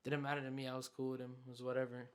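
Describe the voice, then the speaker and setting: A man who is a podcast guest, talking in a relaxed, laid-back way in a casual chat. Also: medium pitch, racing, clean tone.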